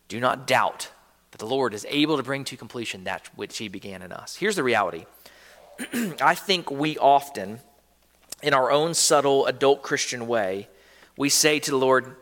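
A man preaching a sermon as pastor, earnestly asking questions of his listeners and dropping to hushed, low stretches between raised points. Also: lively intonation, normal speed, in a large hall.

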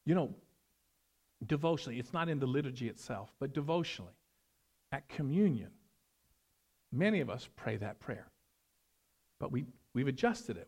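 A male pastor preaching a sermon, animated, swinging between loud emphasis and hushed, prayerful tones. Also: fairly high pitch, a little fast, long pauses.

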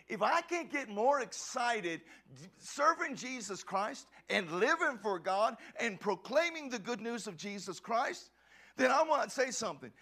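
A man preaching a passionate sermon as a pastor, often shouting and stumbling over restarts. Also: high voice.

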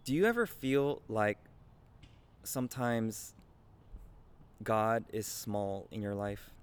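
Earnest male pastor with a lowish voice. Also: lively intonation, slow pace, clear, resonant tone. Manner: earnest, conversational, with frequent "right?" asides. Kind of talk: sermon.

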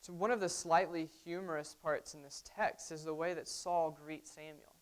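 A woman's voice: low-pitched, steady tone, moderate pace. A woman pastor preaching a sermon, conversational, often checking in with the congregation. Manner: conversational, frequent "right?" asides to the congregation.

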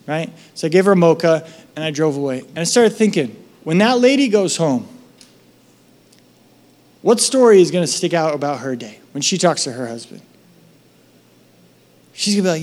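A man pastor preaching a sermon, telling stories with lively acted-out voices and dropping soft for reflective moments and prayer. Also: sits high, moderate pace. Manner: animated storytelling, acting out voices in his anecdotes.

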